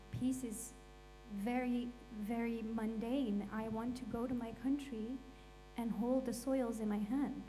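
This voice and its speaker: A woman's voice: on the high side, dark tone, rough recording. A woman speaking on a panel stage, emotional and impassioned, blunt about what she feels. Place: event stage. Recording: faint mains hum.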